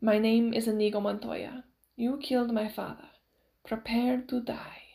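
A woman's voice: fairly high pitch, steady tone, moderate pace, creaky, mellow. Woman voicing a driven vengeful swordsman. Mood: cold menace.

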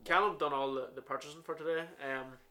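Fast and sharp-toned, with a fairly high pitch and steady delivery, this Northern Irish man in his twenties hosts a podcast. He banters casually with a friend, going off on tangents, full of jokes and fillers.

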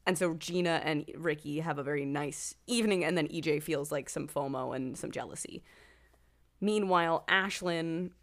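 Woman, lowish voice, podcast co-host, casual, laughs a lot. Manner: laughs often, quick summarizing. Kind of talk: casual recap chat.

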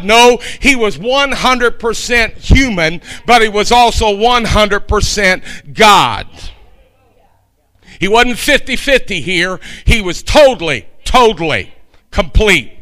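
A man preaching a sermon with fervor, building up to shouted passages and repeating phrases for emphasis. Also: high-pitched, expressive, slow pace, poor audio. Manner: fervent preaching, rising to shouts. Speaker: pastor.

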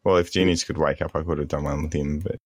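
A man co-hosting a podcast in casual chat, halting and restarting, often giggling. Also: a bass voice, steady tone, no room sound, studio quality. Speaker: podcast co-host. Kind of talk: casual banter.

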